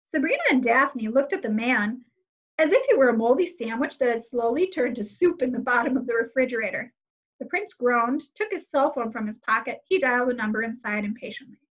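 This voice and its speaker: Female reader, steady storytelling, higher voice, slightly muffled recording. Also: fairly quick. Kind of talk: reading a novel aloud.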